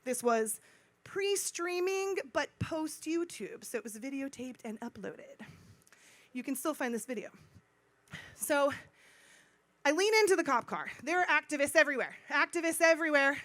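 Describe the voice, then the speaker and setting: A middle-aged woman speaking at a conference, telling a personal story in an animated way, acting out dialogue and repeating phrases for emphasis. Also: sits high, moderate pace, pauses often, no echo. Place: conference stage.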